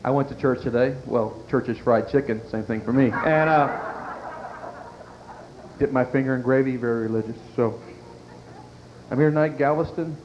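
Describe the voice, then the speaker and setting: A man's voice: medium pitch, moderate pace, long pauses. A male comedian, doing a crude, self-mocking stand-up routine and talking to the club crowd. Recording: dull lo-fi 1990s club tape. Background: audience laughter and faint room noise.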